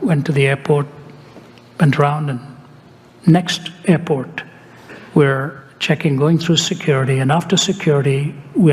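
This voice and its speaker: A man's voice: a little high, slight background noise. Older man preaching in an echoey hall. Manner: anecdotal, conversational, lightly humorous. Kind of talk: storytelling sermon. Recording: echoey hall, faint ambience.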